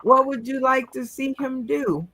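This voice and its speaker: Slow easygoing woman hosting a call show. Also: high voice, a bit bright. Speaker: game show host. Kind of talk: casual chat. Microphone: video call.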